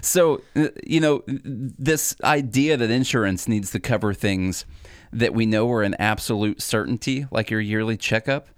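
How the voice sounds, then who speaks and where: A man's voice: fairly low pitch, normal speed, clear, resonant tone, no echo. Podcast co-host, man, chatty and promotional, dry close sound. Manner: chatty, laughs easily, promotional sign-off. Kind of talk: casual political podcast chat.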